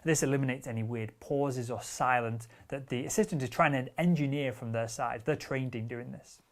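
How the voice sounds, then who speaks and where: A man's voice: medium pitch, normal speed. A man teaching sales techniques in a direct, assertive coaching manner, with casual wording and the odd curse word. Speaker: sales trainer. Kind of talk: instructional talk.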